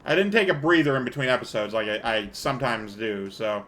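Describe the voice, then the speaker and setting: A man's voice: mid-range voice, animated, fairly quick, hardly any pauses, fairly bright tone. A man hosting a let's-play who talks loosely and thinks aloud while he plays, now and then letting a swear slip. He sounds worn out and a little out of breath, in an ordinary middle register, with faint music playing underneath. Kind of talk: casual gameplay commentary.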